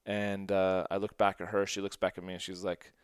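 A man's voice: sits low, flat delivery, fairly quick, smooth, no echo, clean studio sound. Male podcast host, storyteller, earnest and rambling, lots of "like", clean resonant voice. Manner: rambling, many "like" fillers and restarts; earnest and emotional. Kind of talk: personal storytelling.

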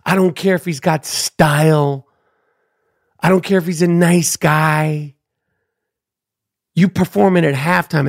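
A man's voice: high-pitched, creaky. A middle-aged man, hosting his own podcast in a brash, profane, trash-talking rant. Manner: loud, brash, trash-talking, repeats "Duke". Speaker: podcast host. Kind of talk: profane ranting monologue.

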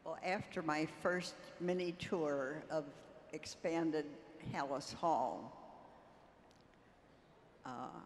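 Slow, halting woman in an echoey hall. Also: low-pitched, a little hiss or hum. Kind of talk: onstage interview answer. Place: stage at a fan convention. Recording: echoey hall, faint ambience.

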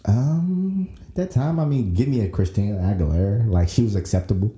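A man's voice: fairly low pitch, brisk, dark tone. A man co-hosting a podcast in casual chat, easygoing and rambling a little as he goes. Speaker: podcast co-host. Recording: roomy echo.

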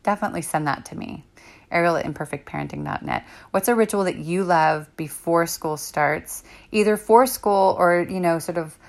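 A woman's voice: fairly low pitch, moderate pace, vocal fry. A woman in her thirties hosting a parenting podcast alone, talking in a reflective, rambling way with many fillers. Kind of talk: casual solo talk.

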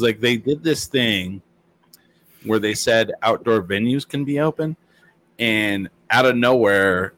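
A man's voice: lowish voice, a bit bright. A man chatting casually, telling rambling stories full of fillers and acted-out quotes. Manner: rambling storyteller with many fillers and quoted voices. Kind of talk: casual chat.

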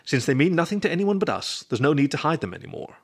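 Man doing a gently teasing young raccoon. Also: fairly high pitch, sing-song, fast, pitched above the performer's own voice. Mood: tender. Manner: warmly teasing, reassuring.

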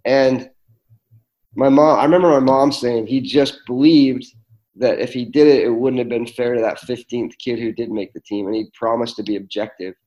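A man tells reflective stories as an interview guest. His voice is warm and mellow. He speaks earnestly, with plenty of fillers and restarts. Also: medium pitch, fairly even intonation, normal speed, muffled recording. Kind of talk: reflective storytelling in conversation.

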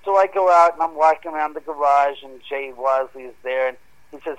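A man telling a story in a casual, animated way that grows heated as he goes. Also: fairly high pitch, brisk, rough recording. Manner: animated, gets heated retelling events. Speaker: guest homeowner telling a story.

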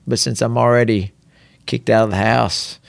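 A man telling a long, animated story as a guest on a talk show, slipping into the voices of the people in it. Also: medium pitch, creaky, dry recording, clean studio sound. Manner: animated, drawn-out storyteller who slips into quoted voices. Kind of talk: casual storytelling.

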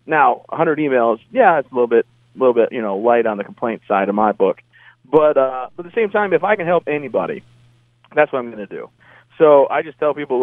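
A man's voice: medium pitch, sing-song, a little fast, no room sound. A man, an army veteran and motivational speaker, talking earnestly and plainly in an interview. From United States. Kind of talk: casual interview talk. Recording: tinny phone line, dry.

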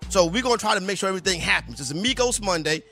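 A man's voice: sits high, animated, rapid-fire, pushed and bright, soft background music. A man hosting a sports radio show, chatting casually in a loose, slangy way.

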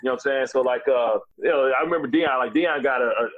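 A man in his forties from the USA, a podcast guest telling profane, animated stories and repeating filler phrases. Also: mid-range voice, fast talker, phone-quality sound. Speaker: guest, former athlete. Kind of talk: animated storytelling.

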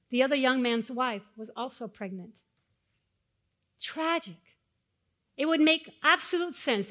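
A woman pastor giving a sermon, asking the congregation questions and dropping to hushed, solemn tones when telling stories of loss. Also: on the high side. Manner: dynamic, swings from loud rhetorical questions to hushed solemn tones.

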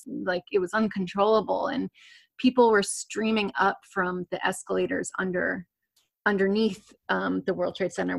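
Creaky-voiced woman telling a personal story. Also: medium pitch, a bit bright. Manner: rambling, full of fillers and restarts, laughs nervously. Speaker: interview guest.

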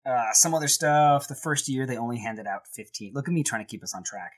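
A man's voice: mid-range voice, expressive, a little fast, breathy edge. A man co-hosting a podcast in casual chat, playfully acting out quotes from history. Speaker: podcast co-host.

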